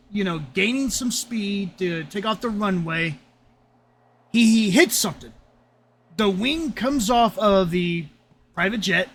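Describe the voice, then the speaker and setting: A man hosting a casual roleplay podcast chat, telling stories with animated energy and bursts of shouting. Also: sits high, vocal fry, slight background noise. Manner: animated storyteller, shouts when excited. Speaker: podcast host.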